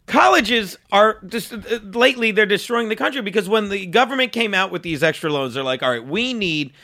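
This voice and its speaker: A man, a comedian guest on a podcast, ranting in casual chat with a profane, animated manner. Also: high-pitched, fairly quick.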